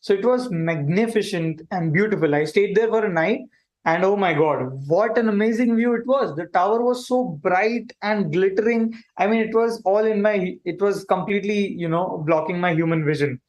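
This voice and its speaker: A man's voice: high-pitched, normal speed, muffled recording, close to an everyday voice. A man playing a chatty alien host. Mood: cheerful. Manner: animated, chatty, addresses viewers directly. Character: friendly male alien visitor hosting a kids' stream. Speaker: livestream host. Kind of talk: playful kids' livestream hosting.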